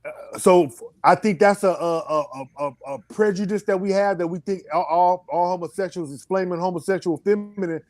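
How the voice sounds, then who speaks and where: High-voiced man in loose, profane talk. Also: brisk, a little mellow, no echo. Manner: loose, profane, storytelling with acted-out quotes. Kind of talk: casual chat.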